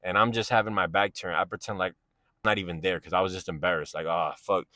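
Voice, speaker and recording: Casual storyteller, male, low-pitched, rambling slang delivery, dry close sound. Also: quick pace, sharp tone, no echo. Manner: slangy, rambling, keeps asking "you know what I'm saying". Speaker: vlogger telling a personal story.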